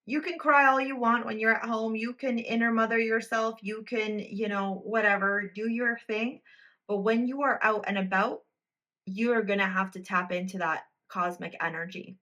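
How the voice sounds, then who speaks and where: A woman's voice: fairly high pitch, fairly even intonation, normal speed, bright, forceful tone. A woman reading tarot cards for a pick-a-card video, talking straight to the viewer in a blunt, emphatic way and swearing freely. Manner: addresses the viewer directly. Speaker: tarot reader.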